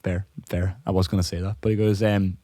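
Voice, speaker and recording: A man's voice: sits low, little pitch movement, brisk, mellow, no echo, studio quality. Hungover man telling a joke. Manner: rambling, swears freely, laughs at his own jokes. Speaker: podcast co-host. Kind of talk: casual chat, telling a long shaggy-dog joke.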